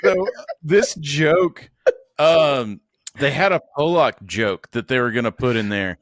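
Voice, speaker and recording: A man's voice: medium pitch, expressive, takes it slowly, no echo, studio quality. A man co-hosting a podcast, talking in a loose, slangy, rambling way. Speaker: podcast co-host. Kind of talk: casual chat.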